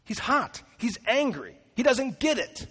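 A man's voice: very high voice, very animated, a little slow, bright, forceful tone, husky. A man preaching a sermon, telling the story with animation and acting out the characters' lines. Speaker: pastor. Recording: reverberant hall.

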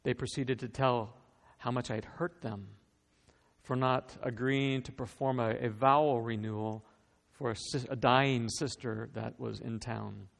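A man's voice: medium pitch, fairly even intonation, measured pace, creaky. A man preaching a sermon as pastor, earnest and storytelling, often repeating a word as he starts a phrase. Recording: long reverb of a large hall.

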